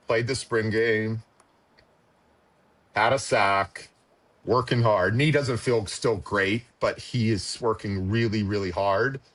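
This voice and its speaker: A middle-aged man telling a personal story as a podcast guest, halting and emotional with frequent restarts. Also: fairly low pitch, fairly even intonation, fairly bright tone. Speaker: podcast guest, former pitcher and father.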